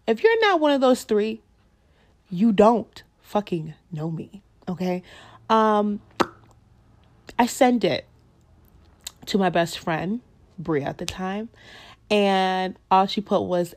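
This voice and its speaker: A young woman hosting her own podcast, telling a story in a blunt, profane, animated way and acting out both sides of the dialogue. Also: mid-range voice, slow pace, pauses often. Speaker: podcast host. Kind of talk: casual storytelling rant.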